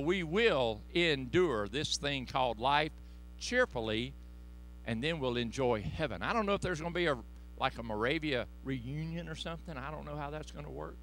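A man preaching a sermon to his congregation in church, impassioned and folksy, swinging between loud exhortation and hushed asides. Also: a little high, animated, moderate pace. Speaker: pastor.

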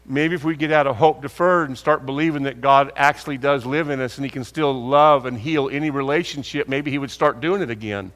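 A man's voice: mid-range voice, a little fast, hardly any pauses, a bit bright. An older man preaching a folksy storytelling sermon, talking conversationally to a congregation. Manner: folksy, conversational, acts out dialogue. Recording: long hall reverb.

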